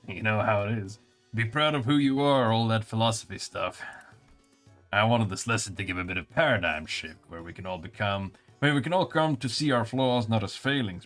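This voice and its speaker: A man's voice: mid-range voice, fairly bright tone. Man stumbling over words while reading a game. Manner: musing aloud, stumbling over hard words. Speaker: streamer. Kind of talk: reading game text aloud.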